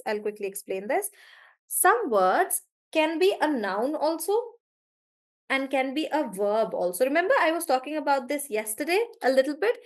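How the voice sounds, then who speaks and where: A woman teacher, chatty in a live online class, explaining word stress through spoken examples. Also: sits high. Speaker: English pronunciation teacher.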